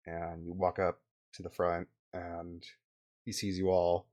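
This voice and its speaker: Man, game master, low voice, slow halting narration, lots of fillers. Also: monotone, darkish tone. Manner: halting, many fillers, laughs often.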